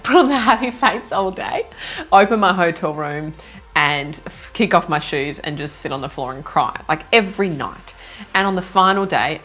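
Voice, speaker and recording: A woman in her thirties, a business coach telling a story casually to camera in an animated, self-mocking way, laughing now and then. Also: sits low. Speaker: retreat organizer and business coach.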